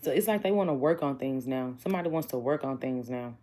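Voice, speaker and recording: Low-voiced joking woman reading tarot. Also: lively intonation, fast talker, warm tone. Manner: chatty, blunt and joking, talks to viewers as y'all. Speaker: tarot reader.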